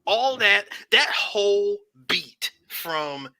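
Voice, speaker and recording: Bright, animated man in a dry room. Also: sits high, no echo. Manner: animated, slows for dramatic retelling. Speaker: podcast host. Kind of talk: casual chat.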